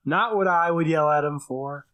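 A man co-hosting a podcast, chatting casually with sarcastic, deadpan quips and loose swearing. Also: a little high, normal speed. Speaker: podcast co-host. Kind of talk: casual chat.

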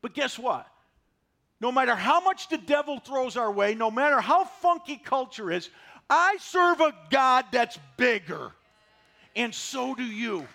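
A man in his sixties preaching a sermon, folksy and animated, driving points home with repetition. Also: extremely high pitch, measured pace, vocal fry. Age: 60s. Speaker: pastor.

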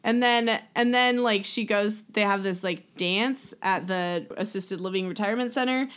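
A woman's voice: mid-range voice, moderate pace, fairly bright tone, clear, resonant tone. A woman in casual chat, recapping a movie in a rambling way, full of "like" and acted-out lines. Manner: rambling, lots of "like", acts out characters with laughs.

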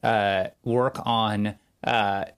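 A man's voice: on the low side, fairly even intonation, very slow, smooth. A man co-hosting a casual chat, thoughtful and explanatory, with frequent fillers and restarts. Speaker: podcast co-host.

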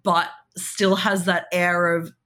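A woman's voice: fairly low pitch, little pitch movement, slow pace, a bit bright. A woman co-hosting a podcast, chatting casually with lots of giggles and fillers. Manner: giggly, rambling with many fillers. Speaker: podcast co-host. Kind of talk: casual chat.

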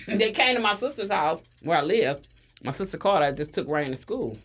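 A woman's voice: on the low side, sing-song, a little fast, fairly bright tone. A middle-aged woman telling a profane story in a casual way and laughing often. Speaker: storyteller guest.

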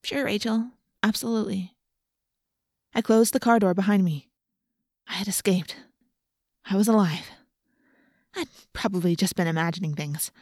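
A woman's voice: on the low side, normal speed, long pauses, darkish tone, dry recording, clean studio sound. A woman narrating a first-person novel in an earnest, tense storytelling manner. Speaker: audiobook narrator.

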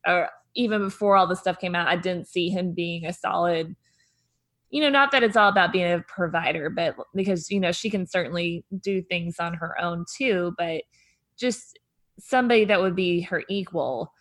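A woman co-hosting a podcast, chatting casually and agreeably, thinking out loud as she talks. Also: on the low side, normal speed. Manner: conversational, agreeable, thinks aloud with restarts. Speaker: podcast co-host. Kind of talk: casual chat recapping reality TV.

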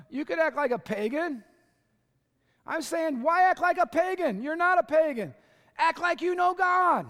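Male pastor, impassioned sermon, very high voice, echoey church hall. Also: animated, unhurried, dull audio. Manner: impassioned, building to shouts. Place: church sanctuary.

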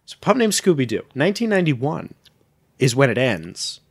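Man, podcast co-host, very expressive pitch, teasing, swears a lot, dry close sound. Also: moderate pace, husky, no room sound. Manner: animated, teasing, swears freely. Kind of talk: casual chat.

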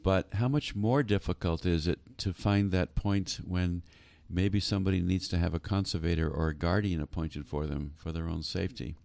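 Deep gravelly guy hosting a talk show, earnest questions, lots of ums, dry close sound. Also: fairly even intonation, moderate pace, few pauses, a little mellow, no echo. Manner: earnest questioning, many hesitations. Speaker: host.

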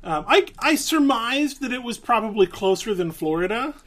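A man's voice: very high-pitched, normal speed. Chatty man laughing through a film chat. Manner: animated, laughs often. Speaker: podcast co-host. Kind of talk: casual movie discussion. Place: living room.

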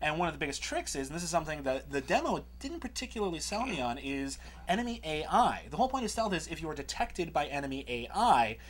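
A man talks fast and high on a geek podcast, animated and jokey. He drops into quick mock voices mid-sentence. The talk is loose, casual banter. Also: slight background noise. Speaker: podcast co-host. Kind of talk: casual chat.

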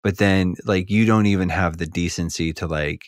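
A man's voice: low-pitched, fairly even intonation, moderate pace, dry recording, studio quality. A man talking on a casual podcast, rambling with lots of filler words and getting heated as he goes. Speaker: podcast speaker.

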